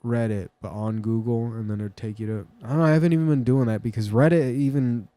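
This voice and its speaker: Man, rambling vlog monologue, crude jokes, meandering, mid pitch, dry close sound. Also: steady tone, quick pace, mellow, no echo. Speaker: vlogger.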